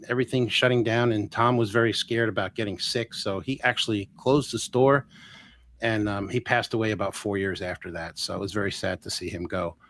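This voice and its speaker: Animated man telling a story. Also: mid-range voice. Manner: animated, acts out quoted voices, many ums and restarts. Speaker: guest healer. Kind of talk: storytelling in a live interview.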